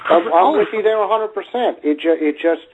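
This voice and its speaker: Animated man on a tinny line. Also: sits high, fairly quick. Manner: animated, repeats words when excited. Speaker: podcast co-host. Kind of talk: casual wrestling chat. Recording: tinny phone-line audio with faint hiss.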